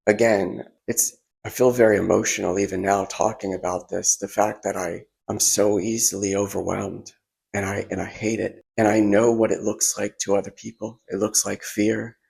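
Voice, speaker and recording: A man talking in a casual, halting monologue, restarting his sentences often and sounding emotional. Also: fairly low pitch, level tone, a little mellow. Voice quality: gravelly, husky. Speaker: vlogger. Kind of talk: casual monologue while drawing.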